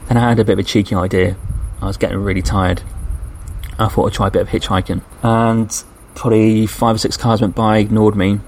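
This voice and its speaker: A man's voice: lowish voice, brisk, slight background noise. An English man, a podcast host, casually recounting a day of walking on a trail and quoting the people he met. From England. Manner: chatty, animated when quoting people. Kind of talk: casual travel storytelling.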